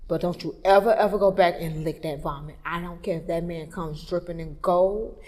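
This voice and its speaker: A woman, candidly telling a personal story, moving from hushed tones to loud animated retelling. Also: lowish voice, normal speed. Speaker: photographer telling her story. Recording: long reverb, roomy hall sound.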